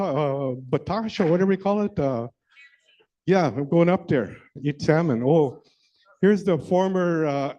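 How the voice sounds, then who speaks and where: A man doing a chatty, flirty joker, rambling and teasing the crowd with a lot of "eh". His voice sits high yet sounds dark and mellow. It comes through a dull, muffled live-event recording in a big hall. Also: close to an everyday voice. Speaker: stand-up comedy character entertaining a crowd. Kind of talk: live crowd-work comedy. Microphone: handheld mic.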